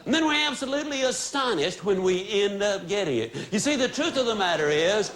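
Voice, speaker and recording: An older man giving a motivational talk to salespeople, folksy and dramatic, dropping to a low soft voice for punchlines. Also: animated, brisk. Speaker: motivational speaker.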